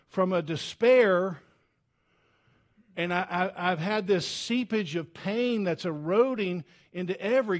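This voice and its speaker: A male pastor preaching in a church with a fairly high-pitched voice. He talks in an earnest, conversational way, often restarting his sentences. His delivery swings from loud, urgent pleading down to hushed, heavy tones. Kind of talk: sermon.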